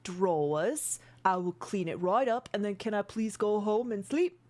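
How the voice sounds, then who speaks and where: A woman's voice: medium pitch, lively intonation, measured pace, darkish tone, voice pushed up, lightly acted. A woman voicing a timid, eager-to-please old male helper with cloudy eyes. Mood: bashful.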